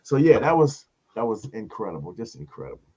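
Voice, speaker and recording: A man, a comedian hosting a casual show and telling a story, acting out other people in high voices. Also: a little fast, husky, dull audio. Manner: animated storyteller, acts out voices in high pitch.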